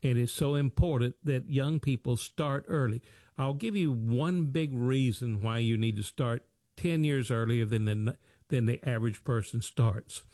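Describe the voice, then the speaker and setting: American guy doing a finance talk show, relaxed dark voice, repeats himself, loves old sayings. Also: mid-range voice, unhurried, dry recording, studio quality. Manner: folksy and repetitive, fond of sayings and rhetorical questions. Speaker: financial advice show host. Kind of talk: radio-style talk show monologue.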